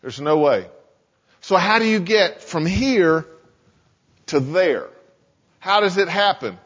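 Male pastor, high voice, relaxed sermon with frequent restarts, echoey sanctuary. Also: slow pace, slightly rough. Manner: conversational, repeats words when starting sentences. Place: church sanctuary. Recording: echoey hall, dull sound.

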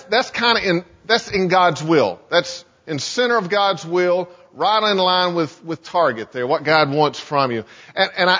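Male pastor, high voice, relaxed sermon with frequent restarts, echoey sanctuary. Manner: conversational, repeats words when starting sentences. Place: church sanctuary. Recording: echoey hall, dull sound.

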